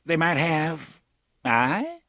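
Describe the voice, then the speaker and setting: A man's voice: a little high, sing-song, very slow, bright, forceful tone, no echo, clean studio sound, voice pushed up, heavily acted. A man voicing a nervous, cautious hired gun with a hesitant manner in an audiobook. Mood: urgent. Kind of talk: audiobook character voice.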